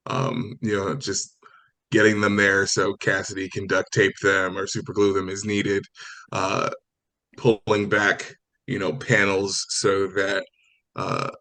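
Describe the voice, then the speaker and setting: Male player, lower register, easygoing, slow and rambling delivery. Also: bright, forceful tone. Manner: slow, laid-back with fillers like "you know". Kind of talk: casual tabletop play.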